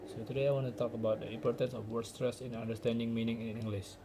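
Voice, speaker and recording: A man's voice: medium pitch, little pitch movement, fast talker, background noise. A young man, a university student from Indonesia, giving an earnest class presentation with small restarts. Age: young adult.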